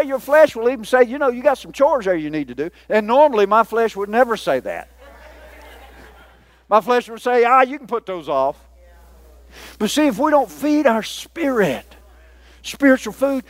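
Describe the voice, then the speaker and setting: A pastor with a voice that sits high for a man preaches a sermon in a folksy way, joking with and teasing the congregation as he goes. The sound is dry and close, with no room echo.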